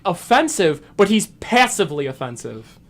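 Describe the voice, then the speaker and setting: A man's voice: high-pitched, normal speed. A man co-hosting a podcast in casual chat, telling rambling anecdotes and acting out the people in them. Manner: rambling anecdotes with lively quoted voices. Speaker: podcast co-host.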